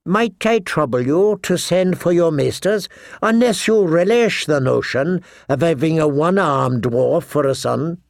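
A sharp-tongued, bitter dwarf lord, as a male narrator puts him on, pitched above the reader's own voice. He jabs with sarcasm, gravelly and slow, in a dry, close recording. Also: expressive, dry recording. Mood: pained. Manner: biting, sarcastic retorts. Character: bitter sardonic wounded dwarf lord, man. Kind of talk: audiobook character voice.

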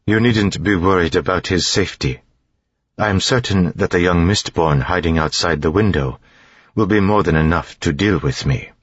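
A steady, businesslike woman of about fifty with a light accent, read by a man in a raised, husky voice. She stays calm and firm. The audiobook sound is dry and slightly muffled. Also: deep voice, a little slow, no echo, voice pushed up, full character voice. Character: middle-aged woman scholar, calm and firm.

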